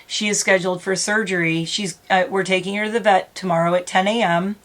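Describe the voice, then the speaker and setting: A middle-aged woman talks into her camera at home, earnest and rambling, often correcting herself. Her voice sits at an ordinary middle pitch and she sounds close to tears. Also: fairly even intonation, a little fast, a bit bright. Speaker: vlogger. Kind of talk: emotional casual vlog.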